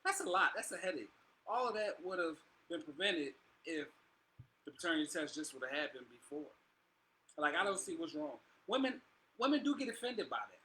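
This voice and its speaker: A man's voice: fairly high pitch, sing-song, a little fast, bright, forceful tone. A man co-hosting a casual live chat, talking in an emphatic, slangy, argumentative way. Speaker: co-host of a live show.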